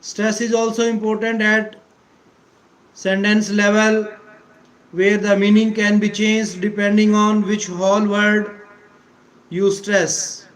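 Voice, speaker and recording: A man giving a deliberate English pronunciation lesson, repeating key words for emphasis and clearing his throat often. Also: sits high, level tone, rough recording. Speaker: English teacher. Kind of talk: slow explanatory lecture.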